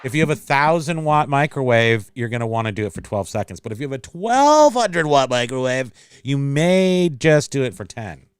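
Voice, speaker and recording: A man's voice: medium pitch, very animated, normal speed, hardly any pauses, clear, resonant tone, dry recording, studio quality. A man hosting a livestream in a casual, rambling chat, reading out and answering viewer comments. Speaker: livestream host.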